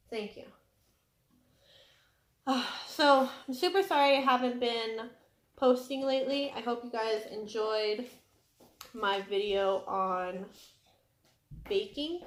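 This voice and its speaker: A woman's voice: fairly high pitch, slow, pauses often, echoey room. A young woman vlogger chatting casually and apologetically while eating on camera. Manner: chatty and apologetic, talking between bites. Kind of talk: casual eating vlog chat. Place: home room indoors.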